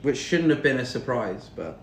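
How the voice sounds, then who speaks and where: A man's voice: mid-range voice, animated, normal speed, a little hiss or hum. A young British man in his twenties, chatting and teasing casually while cooking in a home kitchen. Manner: banter, teasing and swearing. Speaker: streamer. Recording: roomy echoey kitchen.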